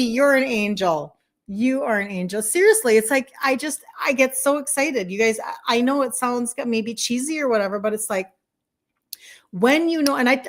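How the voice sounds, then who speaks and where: Effusive chatty woman in her sixties. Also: on the high side. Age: 60s. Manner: effusive, chatty, rambling with laughs. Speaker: wellness coach selling supplements. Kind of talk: live-stream chat with viewers.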